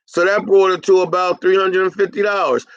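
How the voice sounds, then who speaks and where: This middle-aged carpet-cleaning consultant talks in a folksy coaching manner, at times acting out both halves of an imagined dialogue. His voice is high-pitched, brisk and a bit bright, with little pitch movement and a clear, resonant tone, captured in a dry but dull recording.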